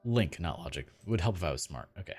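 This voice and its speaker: A man's voice: deep voice, lively intonation, quick pace, darkish tone, soft background music. A man chatting casually while streaming a video game, rambling and self-deprecating. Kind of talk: casual gaming stream chat.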